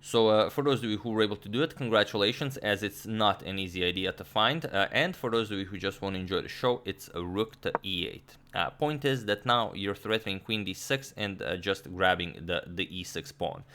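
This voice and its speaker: A man analyzing a chess game move by move, explaining with frequent pauses, restarts and filler sounds. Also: fairly low pitch, a bit bright. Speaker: chess commentator.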